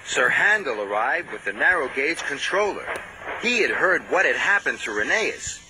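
A man narrating a children's storybook in a slow, expressive read-aloud style, with loud music behind. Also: medium pitch, slight background noise, rough recording. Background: loud background music.

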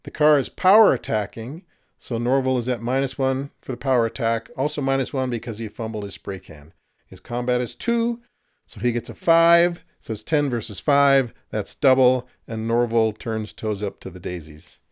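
A man narrating and refereeing a horror miniatures game, chatty and quick to laugh at his own jokes. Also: mid-range voice, animated, clean tone. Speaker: game master.

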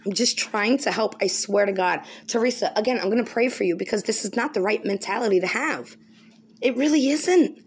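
A woman vlogger giving an emphatic, preachy monologue, often pausing to ask "okay?". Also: medium pitch, a little hiss or hum. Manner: emphatic, repetitive, keeps asking okay. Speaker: spiritual vlogger.

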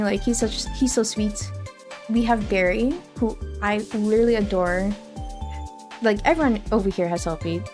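A young woman chats on a live stream, bubbly and gushing and scattering "like" through her sentences. Her pitch sits in an ordinary middle range. A faint music bed plays behind her. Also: a little mellow. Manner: bubbly, gushing, heavy use of filler "like". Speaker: VTuber streamer. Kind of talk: casual live-stream chat.

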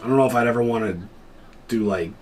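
A man's voice: mid-range voice, fast, a little mellow, faint music behind. A man co-hosting a casual movie reaction chat, laid-back, laughing often and cracking dry jokes. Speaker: reaction video co-host.

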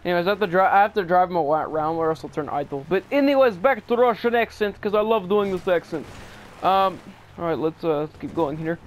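Rambling young-sounding man, high voice. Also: fast talker, a little hiss or hum. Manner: rambling, many fillers and restarts. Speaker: gaming channel host. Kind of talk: casual gameplay commentary.

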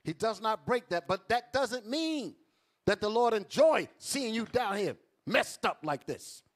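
High-voiced man preaching a Bible class. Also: animated, measured pace. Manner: emphatic, calls out to the audience.

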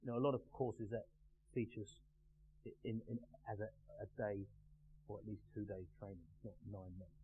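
A man teaching a live class in a measured, emphatic way, pausing and putting questions to the group. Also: lowish voice, fairly even intonation. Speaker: NLP trainer. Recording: tinny phone-like sound with faint hum.

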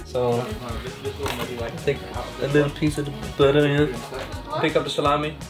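A man casually narrating as he makes a sandwich, relaxed and rambling. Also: on the high side, moderate pace, over music. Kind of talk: casual commentary while making food.

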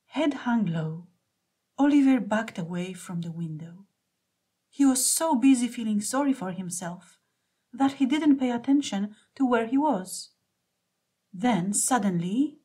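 A woman reading a children's picture book aloud in a gentle, expressive way. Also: on the high side, breathy edge. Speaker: storybook reader.

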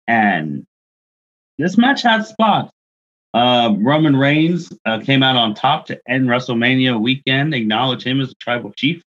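A man's voice: mid-range voice, animated, measured pace, a bit bright, lo-fi sound. A man co-hosting a casual podcast, leading the review and asking his co-hosts for their takes. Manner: leads the segment, asks others for takes. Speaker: podcast co-host.

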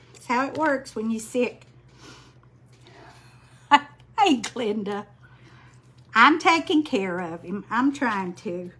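An older woman, chatting slowly on a craft livestream, greeting viewers by name while she paints. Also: fairly high pitch, a bit bright, husky. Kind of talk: casual live-stream chat while painting.

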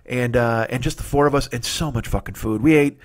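Male comic host, forties, swears a lot, excitable solo storyteller. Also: medium pitch, brisk. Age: 40s. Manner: profane, excitable, self-interrupting. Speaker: comedian podcast host. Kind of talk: rambling comedic monologue.

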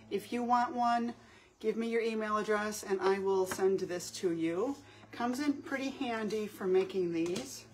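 Friendly middle-aged woman art teacher, casual live-stream host, chatty and quick to laugh, faint background hiss. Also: medium pitch, a little mellow. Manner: chatty, laughs often, greets viewers by name. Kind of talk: casual live craft demo. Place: home art studio.

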